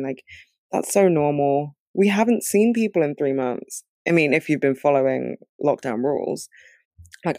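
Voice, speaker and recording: A man who has just woken up, his voice rough and scratchy, chatting candidly to his viewers about his week. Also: mid-range voice, a little mellow, no echo, clean studio sound. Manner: candid, confessional, chatty with "like" fillers. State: groggy, just woke up. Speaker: vlogger. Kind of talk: casual chat to camera.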